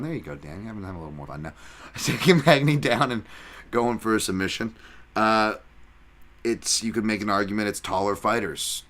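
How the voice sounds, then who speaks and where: A man's voice: lowish voice, animated, a little fast, a bit bright. A man hosting a podcast, breaking down fights in rambling, profane chat with self-mocking asides. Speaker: podcast host and fight analyst.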